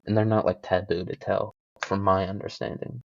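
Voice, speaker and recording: A man's voice: low-pitched, level tone, normal speed, creaky, no echo. Rambling, joking man on a lo-fi mic. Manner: joking, self-deprecating, full of fillers. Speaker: podcast host. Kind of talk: rambling casual storytelling. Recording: dull lo-fi home mic.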